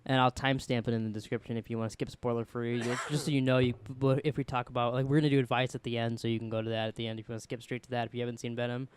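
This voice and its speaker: A man's voice: mid-range voice, level tone, slight background noise. A man co-hosting a podcast in casual chat, rambling and swearing with many restarts. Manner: fast rambling, profane banter with restarts. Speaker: podcast co-host.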